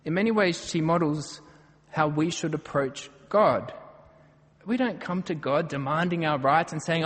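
A man's voice: a little high, normal speed, big-room sound. An Australian man preaching a sermon, earnest and emphatic as he works through a passage verse by verse.

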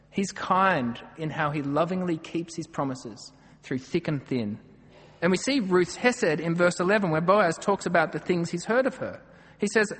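A man's voice: fairly high pitch, long reverb tail. An Australian man preaching a sermon, earnest and emphatic as he works through a passage verse by verse.

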